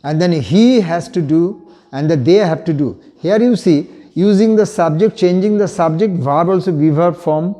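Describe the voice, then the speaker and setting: Male online English tutor, Indian accent, fairly high, warm voice, repetitive explaining. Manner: explains slowly, repeats example phrases. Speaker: English teacher. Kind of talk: online grammar lesson.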